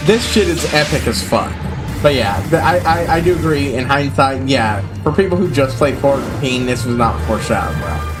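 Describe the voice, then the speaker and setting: A man streaming a video game and giving casual, excitable commentary, swearing freely. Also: fairly high pitch, normal speed. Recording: voice filter, music behind.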